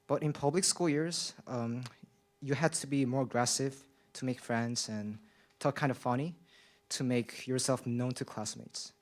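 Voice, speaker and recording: A man's voice: mid-range voice, steady tone, measured pace. A young man whose first language is not English, reading a nervous, shaky public comment at a school board meeting, with many fillers and restarts. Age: young adult. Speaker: public commenter, college student. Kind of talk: nervous prepared speech.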